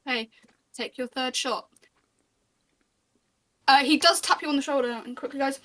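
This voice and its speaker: A woman's voice: high-pitched, moderate pace, pauses often, bright, forceful tone. A woman narrating as game master of a tabletop game, in a chatty, descriptive way with small restarts.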